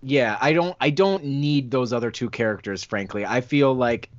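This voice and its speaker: A man's voice: mid-range voice, moderate pace, no room sound. A man co-hosting a film podcast gives blunt, exaggerated takes with a joking edge. His voice sits close and dry, with no room sound around it. The audio is slightly muffled. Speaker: podcast co-host. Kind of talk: casual film discussion.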